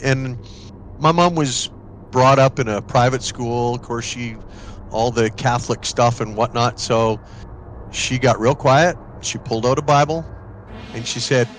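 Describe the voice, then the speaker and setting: A man co-hosting a podcast, casually telling a ghost story and acting out the voices of people in it. He often restarts and repeats words when he gets excited. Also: medium pitch, unhurried, slight background noise. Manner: lively storytelling, acts out quoted voices. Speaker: podcast co-host.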